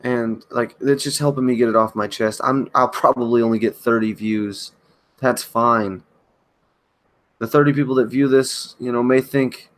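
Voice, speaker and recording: A man at home giving a halting, emotional confessional monologue on a livestream, often restarting his sentences. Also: medium pitch, steady tone. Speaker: channel host. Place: at home by a kitchen counter.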